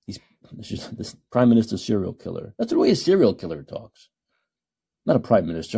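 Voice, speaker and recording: Husky, combative male podcast host. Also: sits low, expressive, fairly quick, warm tone. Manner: combative, sarcastic ranting. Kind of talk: solo call-in podcast commentary.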